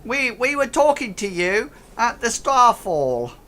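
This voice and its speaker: A man voicing a dim, fretful male space goblin guard in a plaintive, high-pitched voice. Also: sing-song, slow, bright, forceful tone, full character voice. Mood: suspicious.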